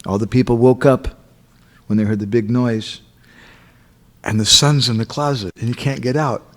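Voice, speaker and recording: A man's voice: medium pitch, fairly even intonation, normal speed, a bit bright. Male temple speaker, storytelling sermon, mid-range voice. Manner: acts out quotes, checks in with listeners.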